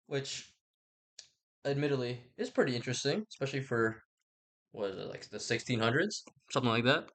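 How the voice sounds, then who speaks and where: A man's voice: mid-range voice, normal speed, a bit bright. A man rambling casually about a book, slangy and irreverent, often stopping to correct himself. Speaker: video essayist.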